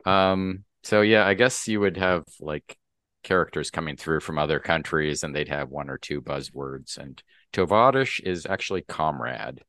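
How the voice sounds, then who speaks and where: A man with an extremely deep, low voice adds trivia asides on a casual comics podcast. His speech trails off and drops quiet at the ends of phrases. The sound is dry and close, with no room around it. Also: normal speed, dry recording. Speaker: podcast co-host. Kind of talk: casual chat about comics.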